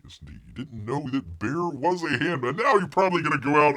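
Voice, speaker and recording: A man's voice: on the high side, sing-song, brisk, hardly any pauses, bright, forceful tone. A man hosting a casual livestream, telling a rambling story with many fillers and restarts. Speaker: livestream host.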